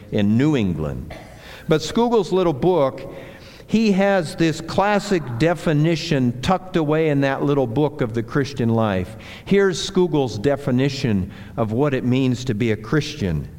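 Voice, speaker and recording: Slow, deliberate preaching man in a reverberant hall. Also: mid-range voice, a little mellow. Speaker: pastor. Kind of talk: sermon. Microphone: handheld or clip mic that slipped.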